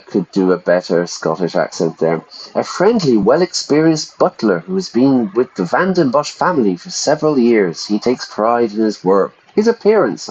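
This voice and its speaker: A man's voice: lowish voice, darkish tone, muffled recording, slight background noise. A man teaching English in a casual livestream from home, chatting with viewers as he reads through notes. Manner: chatty, talks to viewers in chat. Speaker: English teacher streaming a game.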